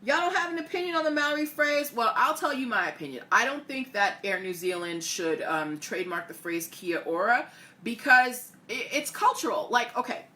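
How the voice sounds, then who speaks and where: A woman hosting a casual live stream, talking straight to her viewers. Her voice is bright and sits a little high. She chats easily, asks questions and reads comments aloud. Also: animated, normal speed. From Haitian family. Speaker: host.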